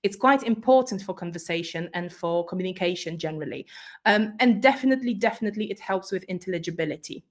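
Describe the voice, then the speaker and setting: A woman's voice: fairly low pitch, lively intonation, quick pace. A woman whose first language is Polish, giving a conference talk on pronunciation to teachers, explaining patiently and checking in often. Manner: explanatory, checks in with frequent "right?". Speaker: teacher trainer.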